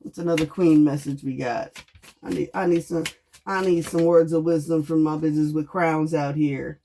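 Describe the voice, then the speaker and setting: A woman tarot reader telling a story in a casual monologue, sassy and animated, swearing freely. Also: deep voice, moderate pace, slight background noise.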